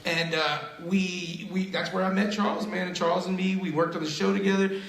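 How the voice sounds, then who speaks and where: A man's voice: sits high, fairly even intonation, a little fast, gravelly, fairly bright tone, reverberant, rough recording. A man who is a comedian and radio host, telling crude stories in casual chat and laughing often. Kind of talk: casual podcast chat, storytelling.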